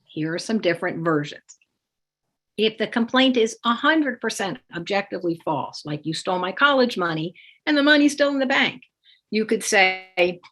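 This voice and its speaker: A woman of average pitch gives an instructional talk to parents. She explains each step in a calm, clear way. She gives sample phrases extra lift and emphasis. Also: normal speed. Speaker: parenting educator.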